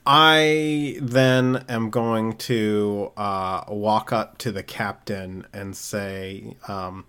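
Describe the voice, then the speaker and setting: A man's voice: on the low side, steady tone, extremely slow, hardly any pauses, sharp tone, smooth. A man playing in a tabletop game, hesitant and stammering as he declares his moves. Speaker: player.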